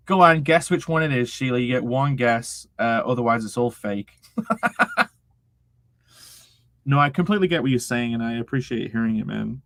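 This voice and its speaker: A man's voice: medium pitch, lively intonation, normal speed, pauses often, fairly bright tone, dry recording. A young man casually streaming, reading chat aloud, laughing often and swearing freely.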